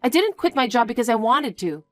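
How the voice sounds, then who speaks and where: A woman's voice: fairly high pitch, sing-song, brisk, faint music behind, pitched above the performer's own voice. A woman voicing an earnest, anxious young fiancée who pleads and questions in disbelief. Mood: pleading. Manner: pleading and incredulous.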